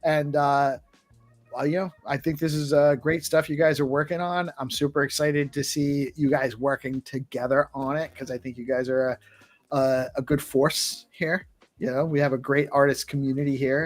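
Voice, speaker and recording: A man's voice: medium pitch, steady tone, normal speed, soft background music. A man hosting a casual live audio chat, upbeat and enthusiastic. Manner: upbeat, enthusiastic, laughs often. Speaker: host.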